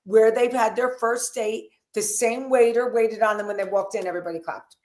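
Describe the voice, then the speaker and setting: A woman's voice: on the high side, normal speed. A woman co-hosting a casual gossip livestream, telling stories in detail and acting out what people said. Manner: lively storyteller, acting out quoted dialogue. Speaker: co-host. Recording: echoey room.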